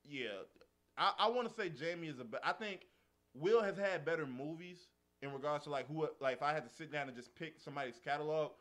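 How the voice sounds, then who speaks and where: A young man co-hosting a casual podcast chat, animated, laughing often and acting out quotes. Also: a little high, a little fast. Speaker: podcast co-host.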